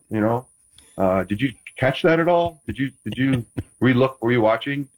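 A man with a husky, slightly breathy voice talks as a guest on a chat show. He rambles and restarts his sentences often, and he teases the host in a playful way. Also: medium pitch, normal speed, low-quality recording. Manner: rambling, self-interrupting, playfully teasing. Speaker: guest, former quarterback. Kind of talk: casual chat.

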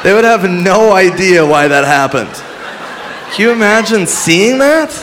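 A man doing stand-up comedy with deadpan dark jokes and sudden loud outbursts. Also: high-pitched, a little slow, a little hiss or hum. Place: comedy club stage. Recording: live club recording with crowd. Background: audience laughter.

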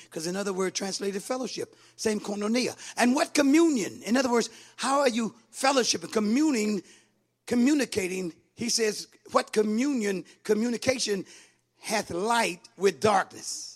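A man preaching a sermon, calling out to the congregation and rising from quiet talk to sing-song shouting. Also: high voice, expressive, moderate pace. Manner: call-and-response with congregation.

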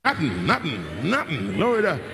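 A man preaching live to a congregation, shouting and calling for responses between laughing asides. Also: a little high, huge pitch swings, moderate pace, vocal fry, long reverb tail, crowd noise, background noise. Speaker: pastor. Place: church.

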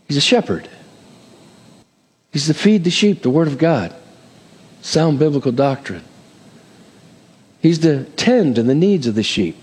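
Animated preaching pastor, echoing hall. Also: male voice, mid-range voice, slightly rough. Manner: preaching with rising emphasis and call-and-response amens; jokes and acts out quoted voices. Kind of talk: sermon. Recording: long hall reverb.

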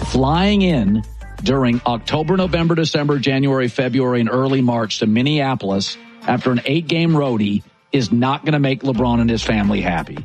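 Emphatic sports-talk host, lively voice. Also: male voice, mid-range voice, moderate pace, faint music behind.

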